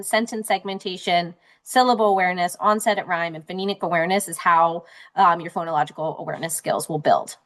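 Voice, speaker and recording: A woman's voice: medium pitch, a bit bright. Woman teacher explaining reading skills. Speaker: teacher presenting a parent workshop. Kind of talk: online parent workshop presentation.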